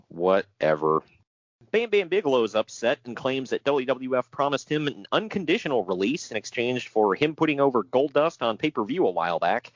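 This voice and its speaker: Casual male podcast co-host, lively and sarcastic, mid-range pitch, dry lo-fi sound. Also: normal speed, no echo. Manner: animated, sarcastic, laughs often. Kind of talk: casual wrestling news chat.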